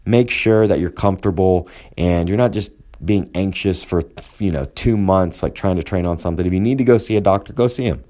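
A man's voice: low-pitched, brisk, dark tone. A man who coaches jiu-jitsu, talking through training advice in a casual, rambling way and acting out quoted exchanges. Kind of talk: casual instructional talk.

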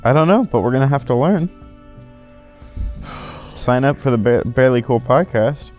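A man's voice: medium pitch, animated, normal speed, a little mellow, soft background music. A young man co-hosting a podcast, teasing his partner in casual banter and laughing often. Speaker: podcast co-host.

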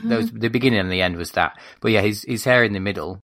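A man's voice: on the low side, quick pace, no room sound. A man, co-hosting a podcast and chatting animatedly about a film, often stopping to restart his sentences. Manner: animated, self-interrupting film commentary. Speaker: podcast co-host. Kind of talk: casual chat.

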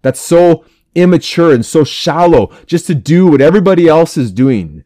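A man's voice: a little high, animated, normal speed, dark tone, dry recording. A man hosting a podcast, preaching to men in a fiery, emphatic way and repeating his phrases for force. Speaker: podcast host.

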